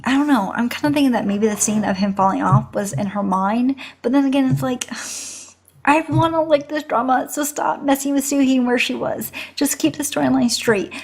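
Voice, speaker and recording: A woman co-hosting a drama review video, talking in a casual, animated and exasperated way. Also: on the high side, normal speed. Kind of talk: casual chat.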